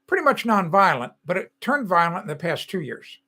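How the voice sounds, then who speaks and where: A man's voice: high voice, very animated, fairly quick, bright, forceful tone. An older man hosting a live stream, talking casually in a chatty, rambling and opinionated way, with frequent restarts. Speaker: host.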